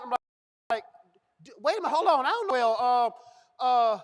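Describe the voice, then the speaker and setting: A man with a strikingly high voice tells a comic story to a live audience. He is middle-aged and animated, jumping into the voices of the people he quotes. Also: a little fast. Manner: animated, acts out dialogue. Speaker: comedian. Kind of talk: comedic storytelling. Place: event stage.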